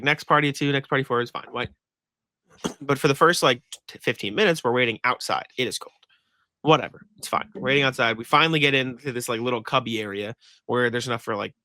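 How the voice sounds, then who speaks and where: Bright-voiced young man telling a story. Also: medium pitch, dry recording, clean studio sound. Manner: animated storytelling, swearing, laughing. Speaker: podcast co-host. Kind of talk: casual podcast chat.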